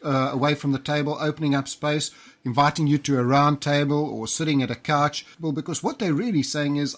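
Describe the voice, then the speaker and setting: An energetic, enthusiastic man hosting a casual conversation about selling. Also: fairly high pitch, fairly quick. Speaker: host and sales author. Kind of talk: casual chat.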